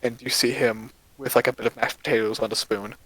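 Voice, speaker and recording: A man's voice: mid-range voice, flat delivery, a little fast, pushed and bright, husky, low-quality recording. A man narrating as game master of a tabletop game, casual, with many fillers.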